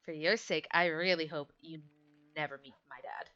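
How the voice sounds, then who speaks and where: A woman's voice: sits low, steady tone, normal speed, bright, forceful tone. A woman voicing a smug, nonchalant young winged dragon girl, on a dull lo-fi mic. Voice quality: smirking, nonchalant.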